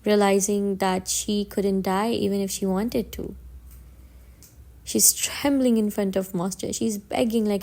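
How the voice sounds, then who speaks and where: A woman's voice: mid-range voice, level tone, unhurried, warm tone. A woman narrating a comic story recap in a casual, dramatic way, with emphatic stresses and frequent restarts.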